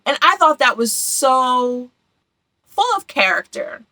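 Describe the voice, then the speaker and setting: A woman's voice: sits high, sing-song, takes it slowly, bright, forceful tone, rough recording. Chatty, enthusiastic young woman vlogger. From Philadelphia. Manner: chatty and enthusiastic, repeats words for emphasis. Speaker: travel vlogger. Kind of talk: casual travel recap.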